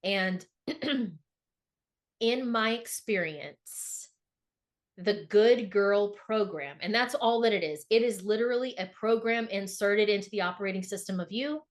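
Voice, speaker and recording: A woman's voice: medium pitch, unhurried. A middle-aged woman speaking earnestly and emphatically in a reflective podcast conversation, often repeating words for emphasis. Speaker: podcast co-host.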